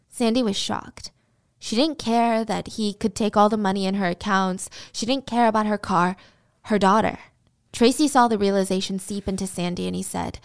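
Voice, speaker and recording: A woman's voice: mid-range voice, fairly even intonation, normal speed, creaky, smooth. A woman retelling a true crime story in a casual, conversational way with personal asides.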